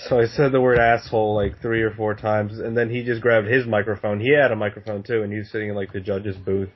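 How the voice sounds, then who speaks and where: A man's voice: lowish voice, flat delivery, fast. A man telling a story in casual chat, swearing often and laughing. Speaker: podcast guest. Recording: dull lo-fi sound.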